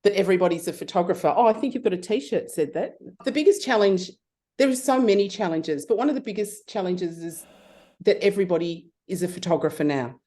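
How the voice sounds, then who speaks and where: A middle-aged woman spins an anecdote in a relaxed interview, her pitch leaping whenever she acts out what someone said. Her voice sits fairly low and sounds warm and mellow. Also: a little fast. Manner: animated storyteller, acts out voices with big pitch jumps. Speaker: guest. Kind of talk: casual interview storytelling.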